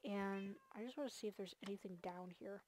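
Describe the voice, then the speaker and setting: A woman's voice: medium pitch, fairly quick, a little mellow, slight background noise. A tired woman hosting a game series, giving an enthusiastic, gushing tour with lots of fillers. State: tired, yawning. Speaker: host of a multiplayer game series. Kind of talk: casual gameplay tour commentary.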